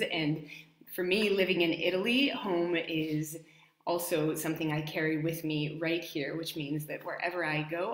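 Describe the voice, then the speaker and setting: A woman from New York State telling a counting rhyme story to children, gentle and playful, with a slow sing-song delivery. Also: low voice. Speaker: storyteller and dance educator. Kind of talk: children's story time with movement. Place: home in Italy, echoey room. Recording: echoey room.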